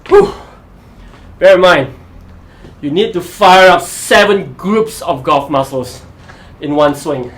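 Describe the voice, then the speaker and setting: A man's voice: fairly high pitch, slow, pauses often, a bit bright, reverberant. A man hosting a live golf fitness show, talking energetically and motivating viewers through exercises. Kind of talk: live-streamed workout and golf tips.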